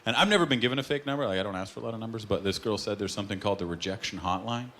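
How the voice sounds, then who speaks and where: A man's voice: lowish voice, rapid-fire. A man doing a stand-up comedy set on stage, telling stories with punchlines and putting on voices for the people he quotes. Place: comedy club stage with live audience. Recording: live stage recording with loud audience laughter. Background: audience laughter and clapping.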